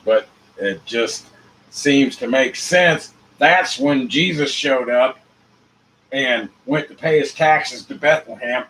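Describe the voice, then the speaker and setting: Here the same kind of solo host rambles on in a loose, rhyming monologue, his volume dipping to mutters and spiking into shouts. He speaks slowly in a mid-range voice over slight background noise, and the recording is low quality.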